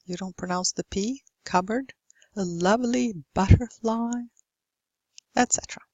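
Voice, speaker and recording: A Norwegian woman teaching English pronunciation in a slow, careful way, working through example word lists one at a time. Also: medium pitch, dark tone, dry recording, lo-fi sound. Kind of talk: recorded phonetics lesson.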